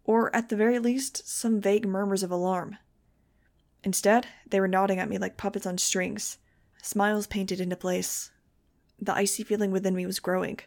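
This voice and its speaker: A woman's voice: mid-range voice, steady tone, normal speed, darkish tone. A woman narrating a novel in a wry first-person style for a fan audiobook. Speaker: audiobook reader.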